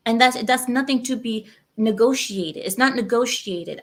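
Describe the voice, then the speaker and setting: A woman's voice: fairly high pitch, normal speed, few pauses. A woman hosting her channel, giving emphatic, repetitive, lecturing commentary on a clip. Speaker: channel host reacting to clips. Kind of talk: opinionated commentary.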